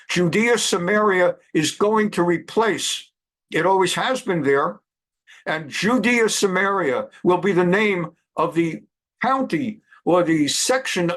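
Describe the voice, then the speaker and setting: A high-voiced man in his seventies lectures with fierce conviction. He scolds and hammers his points home with one rhetorical question after another, in the way a rabbi speaks from long experience. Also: fairly bright tone. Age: 70s. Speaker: rabbi and law professor. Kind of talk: impassioned direct-to-camera address.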